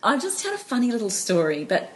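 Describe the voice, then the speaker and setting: A woman, telling stories in an animated, laughing way as a guest in a casual chat. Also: on the high side, a little fast, noisy background. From New Zealand. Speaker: podcast guest.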